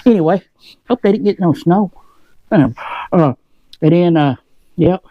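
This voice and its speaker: A high-pitched man with lively intonation hosts a motovlog from his home shed, rambling at a measured pace as he eats and talks with food in his mouth. It's a muffled recording with no room sound.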